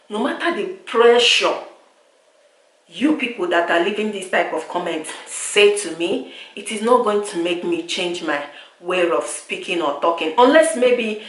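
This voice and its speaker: Nigerian woman vlogger, frustrated rant to camera, echoey room, mid-pitched voice. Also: fairly bright tone. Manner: exasperated, repetitive, lapsing into pidgin. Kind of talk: direct-to-camera vlog rant.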